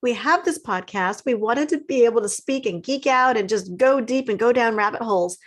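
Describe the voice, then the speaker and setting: A woman from California co-hosting a casual podcast, who speaks eagerly and speeds up when she gets excited. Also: on the high side, fairly quick. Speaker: podcast co-host.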